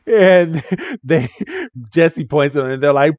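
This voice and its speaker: A man's voice: on the high side, normal speed, no room sound, lo-fi sound. A man co-hosting a podcast, casually recapping a cartoon episode, acting out the characters' lines and laughing often. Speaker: podcast co-host.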